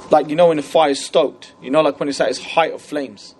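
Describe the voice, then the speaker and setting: A man teaches a class on a classical religious text in a conversational way, frequently asking "you know?" and "right?" and reciting Arabic passages quickly. His voice is on the high side, fairly even and a little mellow, with a slight hiss or hum in the recording.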